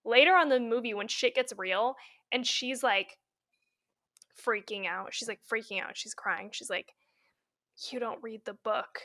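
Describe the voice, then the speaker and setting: A woman's voice: fairly high pitch, moderate pace, bright, forceful tone. A woman co-hosting a podcast in casual chat, blunt and sarcastic, swearing freely. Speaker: podcast co-host.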